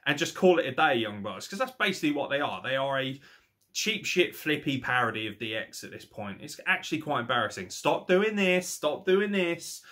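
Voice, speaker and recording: A man's voice: medium pitch, fairly quick. A young man giving casual, sweary, sarcastic commentary as a wrestling reaction host. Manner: sweary, sarcastic, animated rants.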